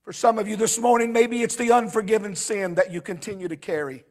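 A man preaching a sermon to a live church congregation with impassioned delivery, swinging between shouting and hushed storytelling. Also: high voice, steady tone, a little fast. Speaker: pastor.

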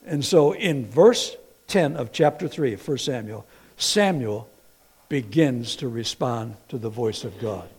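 A middle-aged man preaching a sermon in an animated way, swinging from quiet to loud, telling stories with folksy, playful asides. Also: medium pitch, measured pace, slightly rough. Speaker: pastor.

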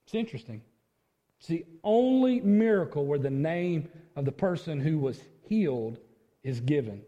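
A male pastor preaching a sermon, with emphatic delivery and sudden high outcries as he acts out a plea. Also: lively intonation, normal speed, warm tone, long reverb tail, dull audio.

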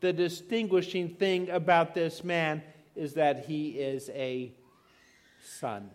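A middle-aged man preaching a sermon, stressing key words by slowing down and asking the listeners rhetorical questions. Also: fairly high pitch, steady tone.

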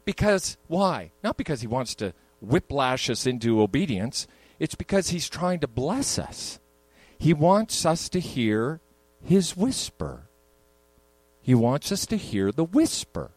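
A man's voice: a little high, sing-song, slow, a little mellow, no echo, rough recording. An older man, a pastor, preaching a sermon in a church, moving between conversational asides and emphatic peaks. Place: church sanctuary.

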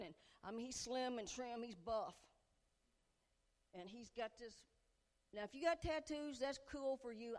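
A middle-aged woman preaching to a women's gathering, telling funny stories in a chatty, animated way. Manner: animated, chatty, breaks into giddy high-pitched bursts. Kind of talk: humorous storytelling sermon. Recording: long hall reverb.

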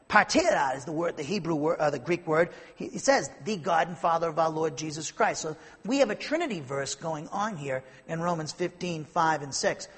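Husky male pastor with a high voice, emphatic sermon, long reverb of a church hall. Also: a bit bright. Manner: emphatic, rises to rhetorical questions. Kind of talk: expository sermon.

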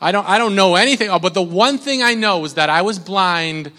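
A male pastor preaching to his congregation with a high, bright voice. He talks in a loose, conversational way, full of fillers and restarts, and calls on the listeners to answer him. The voice rings out with a long reverb from a church hall. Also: a little fast. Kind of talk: sermon.

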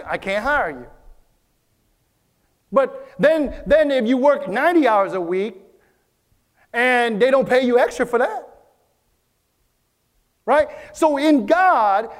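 A man from Vietnam, preaching a sermon earnestly, repeating key phrases and slowing down for emphasis. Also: very high voice. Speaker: pastor. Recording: long hall reverb.

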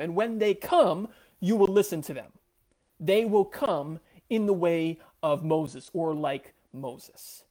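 A woman's voice: mid-range voice, a little mellow. A woman giving an explanatory lecture on scripture, thoughtful, with frequent fillers and restarts. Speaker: biblical studies lecturer.

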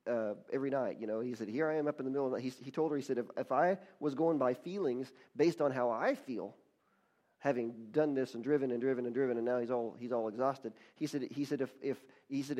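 A man's voice: mid-range voice, fast, dark tone. Man preaching with stumbling repetitions. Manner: repeats and restarts words often, rising to fervent praise. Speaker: pastor. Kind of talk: sermon storytelling.

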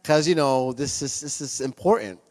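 A church minister speaking to the congregation, hesitant with many fillers and restarts, turning playful. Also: male voice, mid-range voice, normal speed, a little mellow. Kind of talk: church announcement. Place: church sanctuary.

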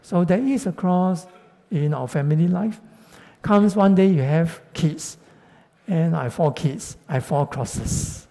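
A man's voice: a little high, slow pace, gravelly, warm tone. A middle-aged man preaching a sermon, speaking earnestly and addressing the congregation directly. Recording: long reverb of a large hall.

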